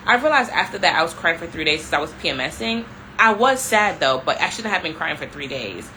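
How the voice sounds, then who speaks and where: A young adult woman telling a story to her viewers in a casual, animated way, filling her talk with "like" and calling them y'all. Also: on the low side, a little fast, slight background noise, poor audio. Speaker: vlogger.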